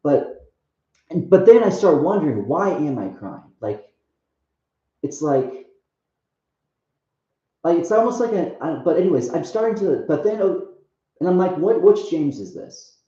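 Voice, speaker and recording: Rambling young man in a booming room. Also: big pitch swings, dark tone. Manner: halting, full of restarts and "like". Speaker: speaker sharing a testimony. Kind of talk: rambling personal testimony. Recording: very echoey, muffled lo-fi room.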